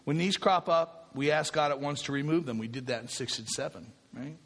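Man, recovery group speaker, slightly high voice, casual, repetitive, long hall reverb. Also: fairly quick, slightly rough. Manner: conversational, often asks "right?" and repeats himself. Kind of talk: spiritual talk to a recovery group.

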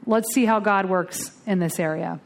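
A woman speaking at a twelve-step recovery meeting, telling a blunt, salty story with lively storytelling and acting out the other voices. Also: medium pitch, moderate pace, gravelly. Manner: lively storytelling, acts out the voices in her tale; blunt and salty, casual swearing.

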